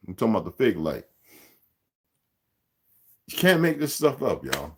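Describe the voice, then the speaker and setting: A man's voice: on the low side, wildly swooping pitch, moderate pace, husky. A man in his sixties hosting a livestream, speaking in a rambling, profane, streetwise rant aimed straight at his viewers and chat. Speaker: livestream host.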